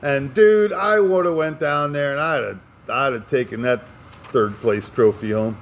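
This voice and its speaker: A man's voice: mid-range voice, moderate pace, a little hiss or hum. A man co-hosting a podcast, chatting casually and telling jokes with lots of laughter. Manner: animated joke-telling, laughs often. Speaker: podcast co-host. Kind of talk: casual chat.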